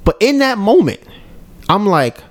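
A man's voice: high voice, unhurried. A man co-hosting a podcast, telling a personal story in a casual, conversational way and often checking in with his listeners. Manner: animated, acts out his own and others' lines. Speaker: podcast co-host.

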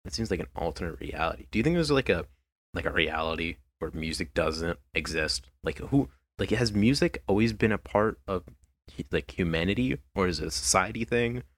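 Deep-voiced teen boy host. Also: animated, brisk, fairly bright tone, dry recording. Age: teens. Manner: musing, asks many questions. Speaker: podcast host. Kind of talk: casual chat.

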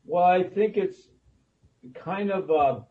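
A man co-hosting a radio talk show, spinning wry stories as he banters with his co-hosts. His voice runs high for a man and comes through muffled and lo-fi. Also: slow pace. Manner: wry, storytelling, acts out grandma lines. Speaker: radio co-host. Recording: dull lo-fi sound.

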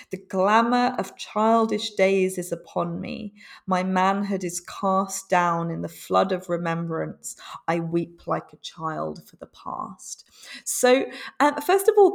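Female teacher, recorded lesson, unhurried explanatory delivery, natural hesitations. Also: mid-range voice. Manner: measured, explanatory, with frequent ums.

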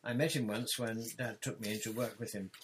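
Brief: relaxed young male wizard, read by a man, explanatory, low voice. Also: fairly quick, a little hiss or hum, lightly acted. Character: easygoing young adult male wizard, informative.

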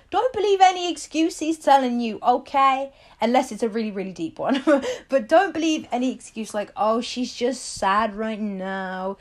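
A young woman hosting a solo advice podcast, talking in a chatty, emphatic way and firing off rhetorical questions. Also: mid-range voice. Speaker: podcast host.

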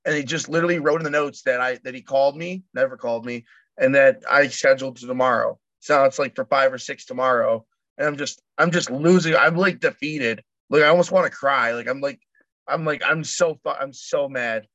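A man's voice: mid-range voice, brisk, a bit bright, dry recording. A man venting in a rambling, frustrated way during a casual chat. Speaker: bounce house business owner, guest. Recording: dry, dull lo-fi remote line.

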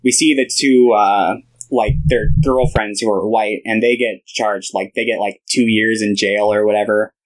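A man's voice: fairly low pitch, normal speed, poor audio. A young man co-hosting a podcast, casually retelling a film with lots of fillers. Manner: relaxed retelling with many fillers. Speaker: podcast co-host.

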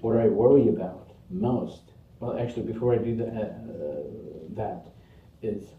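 Earnest preacher in an echoey hall. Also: male voice, lowish voice, a little slow. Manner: earnest, rhythmic listing with rising emphasis. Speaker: Friday sermon preacher. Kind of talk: sermon. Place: mosque prayer hall. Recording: echoey hall, distant muffled mic.

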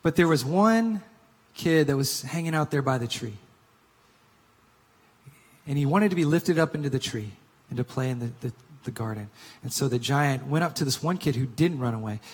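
Husky-voiced preacher in an echoing hall. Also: male voice, medium pitch. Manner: earnest, builds to emphatic reading then drops to hushed whisper. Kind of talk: sermon with story reading.

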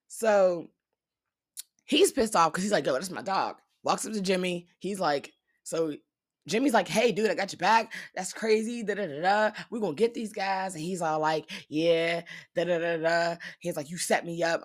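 A young woman casually recapping a TV episode, animated and profane, acting out characters' lines in paraphrase. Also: low voice. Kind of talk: casual storytelling commentary.

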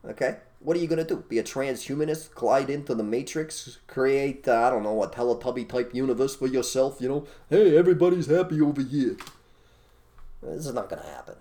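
A man co-hosting an opinionated casual chat, blunt and animated, repeating his phrases for emphasis. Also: mid-range voice, a little fast, hardly any pauses. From United States. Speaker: co-host.

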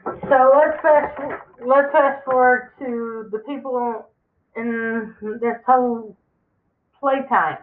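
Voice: medium pitch, fairly even intonation, slow. A speaker giving an impassioned end-times warning monologue, emphatic and preachy, repeating words for stress. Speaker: religious vlogger. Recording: tinny phone-like sound in an echoey room.

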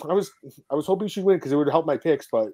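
A man's voice: on the high side, lively intonation, fast talker, mellow. A man hosting a podcast in casual chat, blunt and opinionated, swearing freely. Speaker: podcast host.

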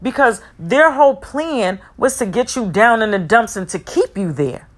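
A woman giving a heartfelt personal motivational talk, emphatic and repetitive, sometimes rushing her words. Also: a little high, lively intonation. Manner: speeds up and slows down, talks fast at times.

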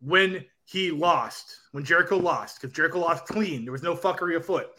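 Male podcast co-host, bright timbre, rambling analytical style, casual and unscripted. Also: a little high, normal speed.

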